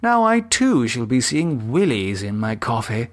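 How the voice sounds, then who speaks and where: A man's voice: medium pitch, big pitch swings, a little slow, no room sound, studio quality. A man doing a prim English wife. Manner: prim, mildly exasperated. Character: prim, dry-witted English wife in her fifties.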